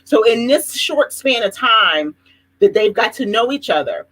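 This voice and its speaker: Husky Philly woman telling stories. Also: a little high, unhurried, low-quality recording. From Philadelphia. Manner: animated storytelling, laughs often. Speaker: host. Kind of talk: casual live chat.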